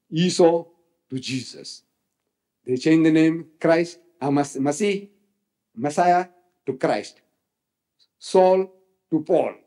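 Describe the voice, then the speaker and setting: An older man giving a public religious lecture, rhetorical and animated, quoting others in voices. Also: on the high side. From South Africa. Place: lecture hall.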